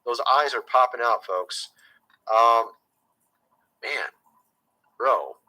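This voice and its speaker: A man's voice: medium pitch, animated, drawn-out words, sharp tone, rough recording. A man talking casually to his viewers as a YouTube commentator, chatty and conspiratorial, often calling them "folks".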